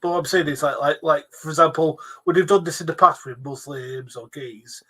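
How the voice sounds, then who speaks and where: A man's voice: a little high, steady tone, fairly quick, crowd noise. A man in a casual podcast chat, hesitant, repeating words as he builds his point. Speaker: podcast co-host.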